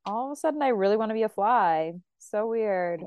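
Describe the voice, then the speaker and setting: A woman's voice: medium pitch, a little fast, clear, resonant tone, dry recording. A woman hosts a loose, chatty podcast, laughing often and acting out quoted reactions as she talks. Her voice sits in an ordinary middle register. The sound is dry and close, with no room around it. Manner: giggly, animated storytelling with quoted reactions. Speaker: podcast host. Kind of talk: casual chat.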